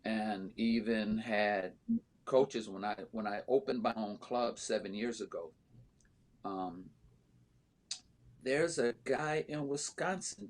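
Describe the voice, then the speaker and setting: A man who owns and coaches a volleyball club, telling a story as a guest in a casual interview, earnest and halting with frequent ums and restarts. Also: medium pitch.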